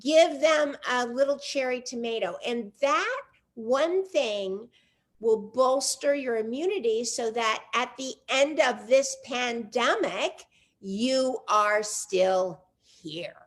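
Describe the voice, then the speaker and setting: An older woman hosts a relaxed interview in a slightly high voice. She is playful and lively and slows down to stretch out the words she wants to land. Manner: playful and animated, drawing out key words slowly. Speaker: host. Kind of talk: conversational interview.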